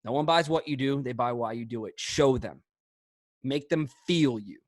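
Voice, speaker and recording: A man's voice: medium pitch, no room sound. Punchy, emphatic male sales coach. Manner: emphatic, punchy, swings between fast and drawn-out. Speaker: sales trainer. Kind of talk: motivational sales coaching on a video call. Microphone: video call.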